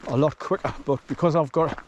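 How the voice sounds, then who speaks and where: A man in his sixties talking casually and rambling a bit while walking through quiet countryside. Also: a little high, steady tone, brisk, dull audio, slight background noise. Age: 60s. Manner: rambling and chatty, swears casually. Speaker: vlogger.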